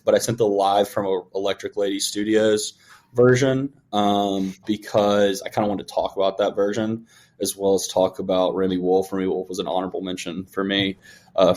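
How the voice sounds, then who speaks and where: A man's voice: lowish voice, a little mellow. A young man co-hosting a music podcast in casual chat, rambling and acting out his own reactions. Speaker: podcast co-host.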